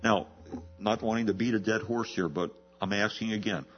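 A pastor preaching an expository sermon, asking rhetorical questions and slowing down to stress key words. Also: male voice, lowish voice, fairly even intonation, muffled recording, a little hiss or hum.

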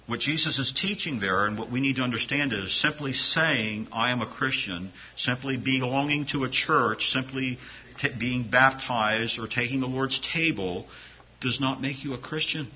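A man's voice: mid-range voice, normal speed, slightly rough, muffled recording. A man preaching a sermon to his congregation in an earnest, conversational way, often restarting his phrases. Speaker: pastor.

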